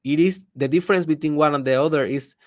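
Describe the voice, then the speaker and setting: A man's voice: on the high side, quick pace. Emphatic man giving a motivational talk. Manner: emphatic, swings between loud bursts and hushed asides; rhetorical questions to the listener. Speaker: podcast host, personal development speaker. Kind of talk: motivational monologue.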